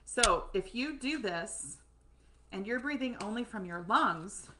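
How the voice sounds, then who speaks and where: A woman teaching an online course to camera, excited and talking fast, with animated asides as she demonstrates breathing. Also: mid-range voice, noisy background. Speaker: course instructor.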